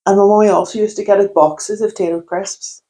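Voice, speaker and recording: A woman's voice: mid-range voice, fairly even intonation, a little fast, warm tone. A woman, co-hosting a casual chat podcast in a chatty, giggly way. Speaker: podcast co-host.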